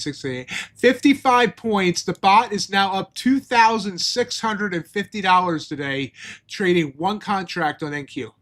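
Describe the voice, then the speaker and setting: A man hosting a live trading stream, chatting casually with a jokey, think-out-loud manner. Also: high-pitched, expressive, unhurried. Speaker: trading livestream host.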